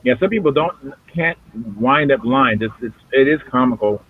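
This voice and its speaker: A man's voice: medium pitch, animated, moderate pace. A man hosting a casual video hangout, talking in a rambling way with lots of fillers over a video call. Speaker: host of a hobby video hangout. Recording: tinny phone-like audio.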